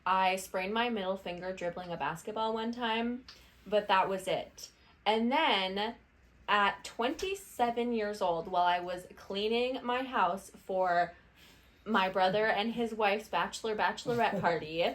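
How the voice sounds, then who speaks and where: A woman's voice: medium pitch, a bit bright. A woman in her late twenties, co-hosting a podcast and telling stories in a chatty, friendly way. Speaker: podcast co-host. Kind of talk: casual chat.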